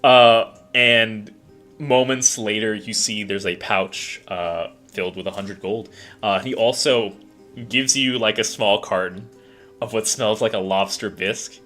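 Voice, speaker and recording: A man's voice: on the low side, unhurried, a bit bright, faint music behind. A young man narrating as game master in a casual, filler-heavy way.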